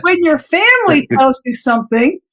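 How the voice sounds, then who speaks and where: Woman doctor, interview guest, high voice, reflective storyteller, light laughs, halting repeats. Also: very animated, a bit bright. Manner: earnest, reflective, laughs lightly between thoughts; halting restarts and repeated words. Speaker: physician guest.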